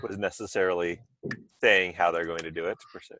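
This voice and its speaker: A man's voice: low-pitched, steady tone, brisk, bright, forceful tone, slight background noise. A man hosting a podcast in casual chat, talking loosely with asides and restarts over a remote call microphone. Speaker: podcast host.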